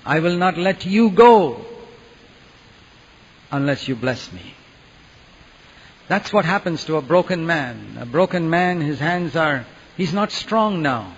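A man preaches earnestly, dropping to a hush and then rising to loud, dramatic peaks. His fairly high voice rings through a long hall reverb, and the recording sounds dull and muffled. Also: lively intonation, takes it slowly, pauses often, breathy edge. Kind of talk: sermon.

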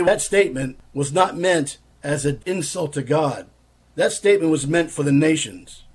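A man's voice: fairly high pitch, slightly rough. A man giving critical religious commentary, arguing his case with pointed rhetorical questions.

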